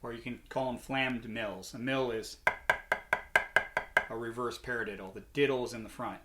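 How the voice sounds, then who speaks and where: A man's voice: mid-range voice, moderate pace, heavy background noise. A man giving a drum lesson, explaining rudiments and calling out counts while he plays. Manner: calls out counts and rudiment names loudly over drumming. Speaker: drum instructor. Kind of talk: instructional lesson, counting along while playing. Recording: loud drumming behind the voice.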